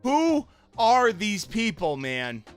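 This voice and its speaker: A young man streaming a live reaction, angry and profane, shouting bursts that trail off into mutters. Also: high-pitched, big pitch swings, slow pace, clean tone, faint music behind. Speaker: streamer reacting to a boxing fight.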